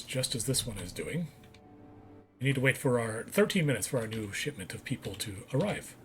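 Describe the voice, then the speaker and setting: A man's voice: mid-range voice, slight background noise. A man doing casual gameplay commentary, reading on-screen text aloud and correcting himself as he goes. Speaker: let's play gamer.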